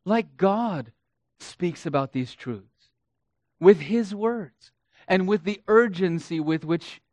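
A man's voice: fairly high pitch, no room sound, clean studio sound. Emphatic man preaching a sermon. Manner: emphatic, repeats key phrases for weight. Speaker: pastor. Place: church.

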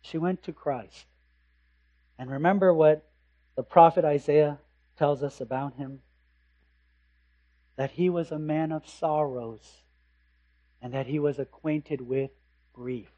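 A man preaching a sermon as pastor, impassioned, rising to loud emphasis and dropping to hushed tones, with rhetorical questions. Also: on the high side, fairly even intonation, lo-fi sound. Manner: slow, deliberate delivery with rhetorical questions.

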